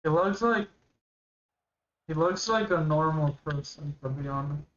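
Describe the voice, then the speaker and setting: A man's voice: a little high, unhurried, fairly bright tone, lo-fi sound. A man in his late teens chatting casually and musing aloud while reacting to a video on a livestream. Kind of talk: casual rambling chat.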